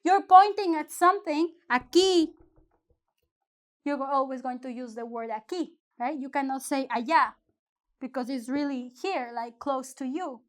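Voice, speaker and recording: Woman w a high voice teaching online, rambly and chatty, keeps restarting her sentences. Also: unhurried. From Mexico. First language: Spanish. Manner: rambling, chatty, with frequent restarts and self-corrections. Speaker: Spanish teacher. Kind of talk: casual online language lesson.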